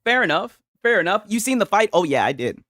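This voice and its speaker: A man's voice: high-pitched, sing-song, a little fast, fairly bright tone, no echo, studio quality. A man casually chatting with his viewers and reading chat on a livestream, laid-back, swearing a lot and laughing often. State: tipsy from a couple of beers.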